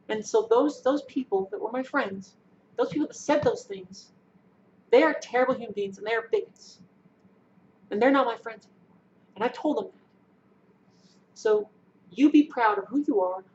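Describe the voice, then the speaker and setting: Middle-aged woman vlogger, earnest and halting, slightly high voice, muffled home recording. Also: a little mellow. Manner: earnest, repeats herself, halting restarts. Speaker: vlogger telling a personal story. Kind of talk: emotional personal storytelling. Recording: dull lo-fi sound with faint noise.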